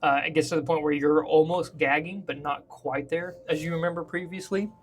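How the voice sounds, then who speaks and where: A man's voice: on the high side, steady tone, brisk, background noise. A man running a tabletop game as game master, narrating casually and laughing often, with faint music behind. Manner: casual, laughs often, thinks aloud while drawing the map.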